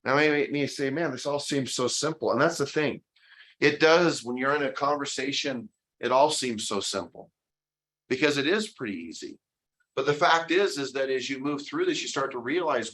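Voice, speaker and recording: A man's voice: medium pitch, moderate pace. A man giving an emphatic motivational sales training talk, acting out quoted conversations with clients as he goes. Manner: energetic, emphatic, acts out quoted dialogues. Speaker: real estate sales trainer. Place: training session.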